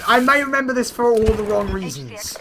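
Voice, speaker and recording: A young man hosting a casual gaming chat, telling stories excitedly and swearing freely. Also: sits high, fairly quick, a crowd in the background. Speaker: channel host. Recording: clear background noise, gunfire.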